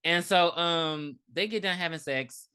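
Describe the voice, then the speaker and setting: Low-voiced woman podcaster recapping a movie. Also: a little slow, clear, resonant tone. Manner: animated, profane, laughing storyteller. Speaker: podcast co-host. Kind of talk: casual movie recap chat.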